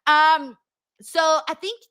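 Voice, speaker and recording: A young woman hosting a casual livestream, chatting and reading viewer messages with lots of ums and excited bursts. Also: high-pitched, slow pace. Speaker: wrestling livestream host. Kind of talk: casual livestream chat, reading super chats.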